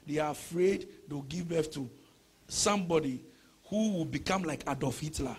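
A man preaching a sermon, moving from shouted, sing-song prayer to conversational teaching full of rhetorical questions. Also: on the high side, husky. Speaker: pastor.

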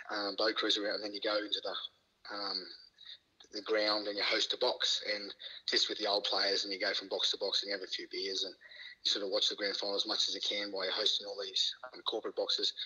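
A middle-aged man with an Australian accent, a guest telling lively anecdotes in a casual chat, laughing often and swearing casually. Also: fairly low pitch, breathy edge, rough recording. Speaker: guest, former rugby league player.

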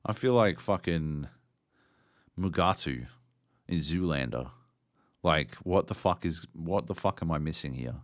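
Deep-voiced man ranting sardonically. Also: measured pace, long pauses, no echo, clean studio sound. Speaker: podcast co-host. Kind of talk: casual chat.

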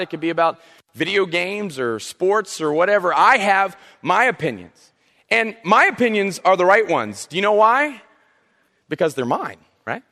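A pastor from South Carolina, preaching a sermon through animated, humorous storytelling. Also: male voice, a little high. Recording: long reverb of a hall.

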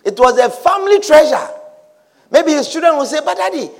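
A man preaching a sermon, animated, breaking into shouts and acting out the people in the scripture. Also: very high-pitched, normal speed. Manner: animated, acts out scripture characters with shouts and laughter.

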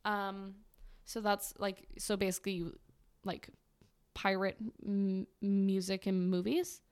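A woman's voice: medium pitch, fairly even intonation, slow pace, a little mellow, clean tone. Young woman podcaster, dry sarcastic running commentary. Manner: sarcastic, wry, mocking. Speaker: podcast host.

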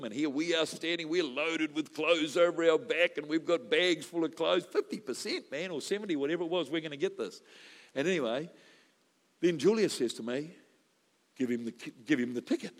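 A male pastor, telling a joking story in a sermon that builds to loud preaching. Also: on the high side. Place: church hall. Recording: long reverb of a large hall.

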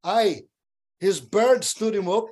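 A man's voice: high voice, expressive, slow pace, a little mellow, breathy edge, voice pushed up, full character voice. A man voicing a rowdy, teasing Scottish friend with a Scottish accent, laughing through his swearing. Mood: mocking.

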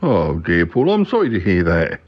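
A man voicing a gentle yeti uncle who frets over his nephew in a slow, doting way. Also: sits low, wildly swooping pitch, husky, heavily acted. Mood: concerned. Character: fussing, worried yeti uncle. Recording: dull lo-fi sound.

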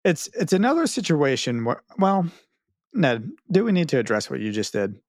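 A man's voice: fairly high pitch, big pitch swings, moderate pace, dry recording, clean studio sound. A man hosting a podcast, chatting casually and reading listener mail with wry, self-mocking humor. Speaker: podcast host.

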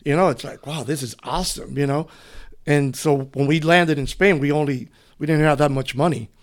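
Middle-aged man telling stories, slightly high. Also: moderate pace. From Cuba. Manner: relaxed, rambling, often says "you know". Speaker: interview guest, retired police officer. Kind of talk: conversational storytelling.

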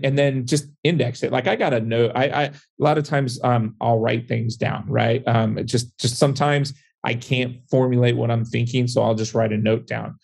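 Man, gravelly voice, casual podcast guest, confident storyteller, plain talk. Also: mid-range voice, a little mellow. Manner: confident, explaining with stories and "right?" asides. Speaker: guest, real estate investor and former police officer.

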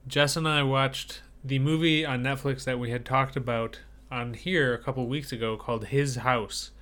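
A podcast co-host chats casually in a mid-range voice with fairly even intonation and a fairly bright tone. He speaks at a normal speed, rambling and restarting often.

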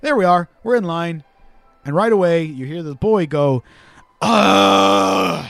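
A high-voiced man telling a story on his podcast with big swings in pitch. He is crude and quick to joke. The sound is dry and close. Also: dry recording. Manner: animated, profane, comic storyteller. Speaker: podcast host. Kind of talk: casual storytelling chat.

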